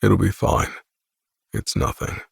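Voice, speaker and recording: A man's voice: slow pace, no room sound, clean studio sound, natural voice. A man voicing a brooding, possessive young man who talks in curt, cold lines. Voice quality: deep gravelly low voice. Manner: curt, clipped threats.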